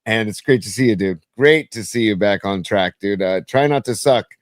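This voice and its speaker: A man's voice: lowish voice, moderate pace, no echo, clean studio sound. A man co-hosting a casual sports podcast, chatty and enthusiastic, peppering his talk with "dude". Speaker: podcast co-host.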